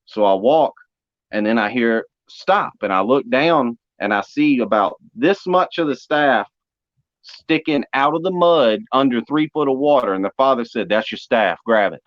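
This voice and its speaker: A young man telling a spiritual testimony story, animated and acting out the voices he quotes. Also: mid-range voice, moderate pace, no room sound. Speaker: speaker giving testimony. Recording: dry, dull lo-fi audio.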